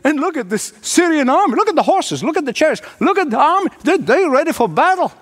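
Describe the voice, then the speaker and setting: A man's voice: very high voice, big pitch swings, fast talker, fairly bright tone, pitched above the performer's own voice, heavily acted. A man voicing a frightened young male servant who exclaims urgently and repeats himself. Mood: incredulous.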